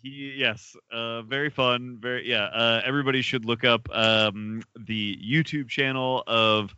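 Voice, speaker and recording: Bright-voiced upbeat podcast host man. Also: medium pitch, steady tone, a little slow, clean tone, no echo. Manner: upbeat, brief agreeing replies. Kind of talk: casual chat. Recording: dull lo-fi dry sound.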